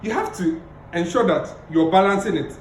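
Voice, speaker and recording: A man giving a public speaking lecture over a video call, emphatic and repeating key phrases, deliberately playing his tone up and down. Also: sits high, animated, a little mellow, echoey room, a little hiss or hum, rough recording. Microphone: video call mic.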